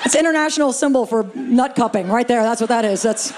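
A brash, high-pitched woman working a comedy crowd on a handheld stage mic. Her set is playful and loose, with frequent swearing and direct banter with the audience. A faint hum of room ambience sits behind her. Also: fast. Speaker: stand-up comedian. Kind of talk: stand-up set, crowd work. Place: live comedy venue with audience.

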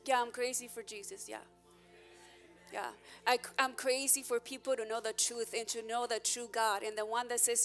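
A woman's voice: on the high side, level tone, moderate pace, a bit bright, faint music behind. Woman pastor preaching with candid emphasis. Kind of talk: sermon.

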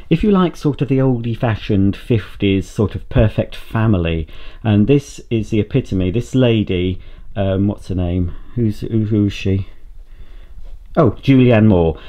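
A man's voice: on the low side, warm tone. A man vlogging from home, talking casually and rambling to the camera with enthusiastic asides. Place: home, indoors.

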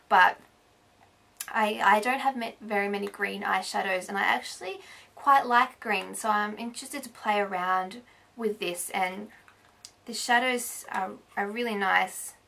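An Australian woman beauty vlogger chatting casually through a haul, rambling and correcting herself, a little hoarse as she is losing her voice. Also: a little high, bright, forceful tone. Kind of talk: casual haul video chat.

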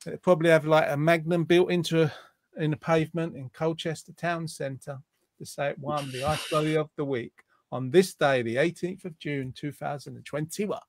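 A man's voice: on the high side, fairly even intonation, moderate pace, no room sound. A man hosting a casual online chat show, rambling and joking through his asides. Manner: chatty and jokey, rambling asides. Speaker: host.

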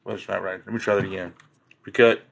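A man's voice: low voice, little pitch movement, fast, vocal fry, background noise. A man chatting casually on a live stream, rambling and joking, with frequent laughter. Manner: rambling and jokey, laughing often.

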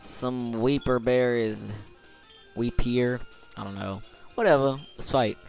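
A man's voice: medium pitch, takes it slowly, gravelly, darkish tone, faint music behind. A young man commenting on a video game playthrough in a sarcastic, rambling, casual way. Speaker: let's play commentator.

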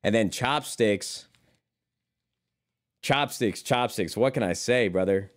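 A young man talking casually to his live-stream chat in a fairly low voice. He rambles, restarts his sentences and swears freely, calling viewers brother as he thanks them. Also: normal speed.

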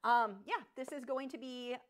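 A woman hosting a live painting tutorial from her home studio, talking in a casual, rambling way and interrupting herself often. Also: moderate pace. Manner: chatty, rambling, self-interrupting; high sing-song voice when talking to her dogs. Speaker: painting instructor on a live stream.

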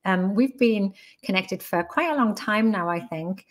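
A woman in her fifties speaks with a Northeast English accent as a podcast guest. She is frank and down to earth, with no fuss. Her voice sits at an ordinary mid pitch. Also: lively intonation, measured pace. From Northeast England. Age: 50s. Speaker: guest, menopause educator. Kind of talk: casual podcast interview.

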